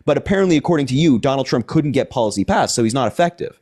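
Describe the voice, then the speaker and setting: A man hosting a heated political debate, pressing questions fast and sarcastically. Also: mid-range voice, expressive, darkish tone, husky. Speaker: host.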